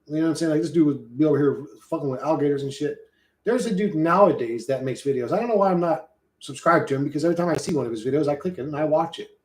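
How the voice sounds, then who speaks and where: A man's voice: fairly high pitch, racing, echoey room. A man with an American accent streaming casually, rambling and swearing while he reads chat. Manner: profane, rambling, loose and joking. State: hot and sweating.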